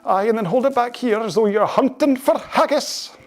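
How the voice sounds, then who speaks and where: A squeaky broad Scottish old timer. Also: male voice, moderate pace. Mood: chummy. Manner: high squeaky exaggerated voice. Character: shrill old Scottish man, hearty and chummy.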